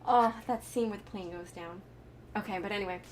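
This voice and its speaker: A woman's voice: mid-range voice, brisk, a little hiss or hum. Chatty woman reviewing a movie. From United States. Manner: chatty, laughs often, many fillers and restarts. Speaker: host. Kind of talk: casual movie reaction chat.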